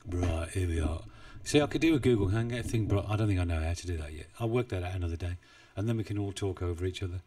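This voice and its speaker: A man's voice: sits low, expressive, fast, hardly any pauses, mellow, far from the mic. A man chatting casually on a trading live stream, rambling and self-deprecating, with frequent chuckles. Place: home desk in the UK. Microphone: desk mic, not well placed.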